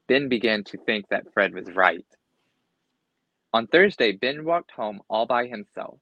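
A man's voice: fairly low pitch, lively intonation, measured pace, pushed and bright, no room sound, poor audio. A man reading a children's storybook aloud expressively, with occasional slips and restarts. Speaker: storybook reader.

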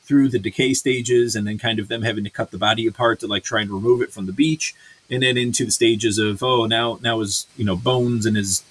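A man's voice: on the low side, fairly even intonation, brisk, a bit bright, breathy edge. A man hosting a casual review chat, swearing freely and ranting with many fillers and restarts. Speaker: podcast host reviewing a series.

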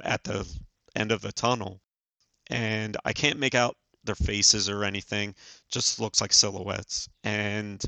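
A man in his forties, a podcast guest, telling a personal story in an earnest, halting way with many fillers. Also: lowish voice, vocal fry, pushed and bright, no room sound. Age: 40s. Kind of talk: casual storytelling.

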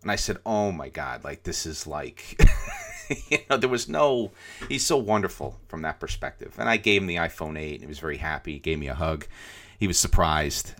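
A man's voice: extremely low pitch, a bit bright. A middle-aged man co-hosting a podcast, talking casually with many fillers and restarts. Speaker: podcast co-host.

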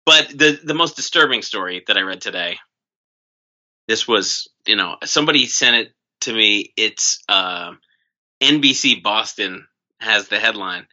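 A man's voice: lowish voice, unhurried, sharp tone. A man from New Jersey co-hosting a comedy podcast, riffing in casual banter and restarting his sentences. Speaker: podcast co-host. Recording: dull lo-fi podcast audio.

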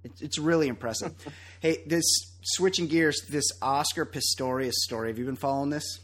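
A man co-hosting a podcast in casual chat, talking emphatically with plenty of swearing and quick laughs. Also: on the high side, fairly bright tone. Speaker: podcast co-host.

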